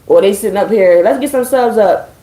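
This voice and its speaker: A woman's voice: mid-range voice, fairly quick, mellow, echoey room, rough recording. A woman streaming live from home, chatting casually with her viewers, swearing freely and keeping a dry, sarcastic edge. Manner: chatty, profane, addressing viewers as y'all.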